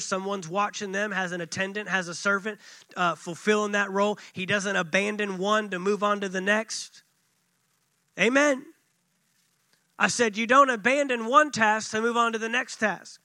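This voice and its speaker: Male pastor, sermon, emphatic, repetitive phrasing, very high pitch, dry close sound. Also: sharp tone, no room sound. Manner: emphatic, repetitive preaching with acted quotes.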